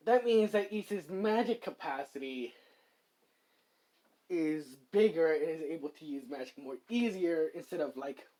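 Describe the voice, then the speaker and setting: Rambling fan storyteller, lively pitch. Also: unhurried. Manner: rambling, many fillers and restarts. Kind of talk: casual improvised fan story narration.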